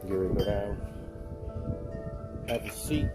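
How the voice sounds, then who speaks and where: A man's voice: lowish voice, normal speed, loud music behind the voice. A man making a casual, playful vlog outdoors by a lake, laughing at himself as he talks to viewers. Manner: playful, laughs at himself, Southern-style "y'all". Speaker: vlogger.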